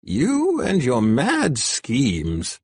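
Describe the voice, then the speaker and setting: A man's voice: medium pitch, wildly swooping pitch, very slow, husky, no room sound, studio quality, voice pushed up, heavily acted. A man voicing a weary old male adviser who speaks cautiously and pleads with a younger man.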